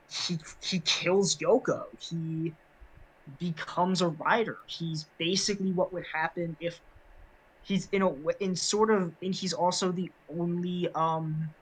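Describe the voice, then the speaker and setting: A man's voice: high-pitched, fairly bright tone, husky, poor audio. A man co-hosting a casual podcast chat, rambling with many fillers and restarts. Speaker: podcast co-host.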